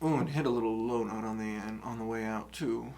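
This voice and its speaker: Excitable man reacting to music. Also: fairly low pitch, brisk. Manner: excitable, self-mocking, laughs often; shifts between soft reflective talk and loud outbursts. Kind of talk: casual reaction commentary.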